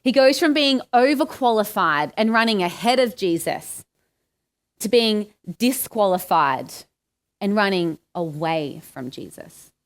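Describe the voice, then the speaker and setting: An Australian woman giving a conversational sermon, asking her listeners questions and acting out the lines she quotes. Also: medium pitch. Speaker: preacher.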